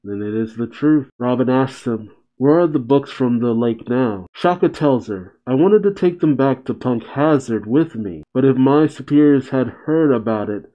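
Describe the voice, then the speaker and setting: A man reading a comic chapter aloud and reacting to it, animated and close to tears at times. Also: mid-range voice, normal speed, hardly any pauses, muffled recording. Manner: excitable, reads aloud then comments, chokes up. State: emotional, tearing up. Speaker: reaction video host.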